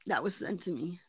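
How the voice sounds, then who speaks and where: A woman's voice: fairly low pitch, fairly bright tone, husky, no room sound. A woman hosting a livestream, giving blunt, profane, mocking commentary. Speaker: livestream host. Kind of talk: casual commentary.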